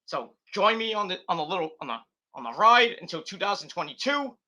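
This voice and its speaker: Brash, bright-voiced man ranting. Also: high voice, very animated, fairly quick. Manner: brash, profane trash talk. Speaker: wrestling review channel host. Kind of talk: ranting video sign-off.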